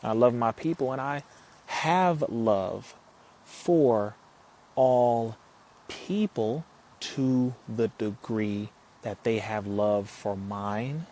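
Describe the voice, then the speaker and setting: A man's voice: medium pitch, very slow, mellow. A man talking to viewers on a live stream, reading their comments and answering them, preachy and emphatic, repeating his points. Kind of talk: casual live stream talk.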